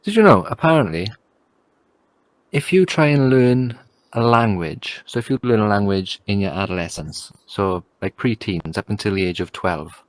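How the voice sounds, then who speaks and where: A man co-hosting a laid-back podcast chat. He speaks in a low voice, blunt and joking as he pushes his arguments. The recording is dry and close. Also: animated, normal speed, no echo. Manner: blunt, jokey, argues a point. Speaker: podcast co-host. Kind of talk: casual chat.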